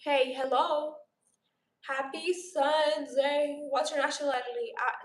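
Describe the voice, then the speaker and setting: A woman's voice: sits high, steady tone, slow. A young woman from Romania with a sore throat, hosting a casual live stream and gushing as she chats back to viewers. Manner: bubbly, gushing, chatty, replying to chat aloud. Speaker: livestream host. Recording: roomy echo.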